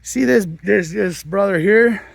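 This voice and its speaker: A man's voice: sits high, a little slow, gravelly, no room sound, pitched above the performer's own voice, heavily acted. A man voicing a stern young man in power who bluntly accuses and threatens in a casual retelling.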